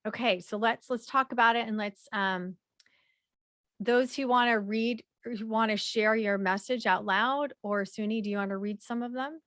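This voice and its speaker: A woman presenting a slideshow workshop in a conversational way, with frequent fillers and repeated throat clearing. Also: a little high, moderate pace, fairly bright tone, no room sound, clean studio sound.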